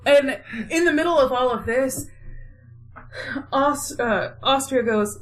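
Animated, profane woman podcaster. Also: high-pitched, unhurried, rough recording. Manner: animated, profane, acts out quotes. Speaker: podcast co-host. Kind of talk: casual chat recapping a play.

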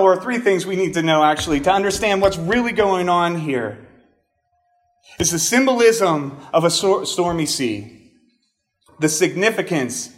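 A male pastor giving a conversational sermon, chatty, with casual asides and animated emphasis. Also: a little high.

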